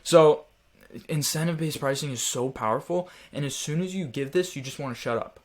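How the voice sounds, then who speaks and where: A man's voice: fairly high pitch, a little fast. A man teaching a sales training lesson in a direct, coaching manner, urging his listeners on.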